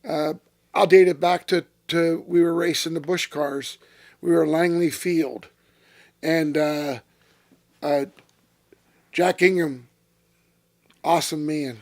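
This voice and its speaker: A man in his sixties, a former racing driver as interview guest, telling blunt, profane stories that flare into shouting. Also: on the high side, fairly even intonation, slow pace, long pauses. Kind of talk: storytelling in a casual interview.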